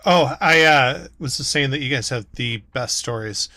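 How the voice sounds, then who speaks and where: Brief: man with a bright, forward voice, earnest and halting, dry close sound. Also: medium pitch, dry recording. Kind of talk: casual chat.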